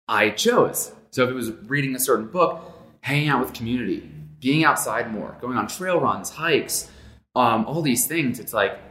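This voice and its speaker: A man's voice: medium pitch, fairly bright tone. A man co-hosting a casual podcast chat, speaking reflectively and personally with fillers. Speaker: podcast co-host. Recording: echoey room.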